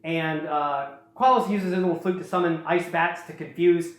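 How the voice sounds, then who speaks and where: Animated podcaster recapping a plot. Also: medium pitch, normal speed. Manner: rambling, animated retelling full of acted quotes. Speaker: podcast host. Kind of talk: casual plot retelling. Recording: echoey room.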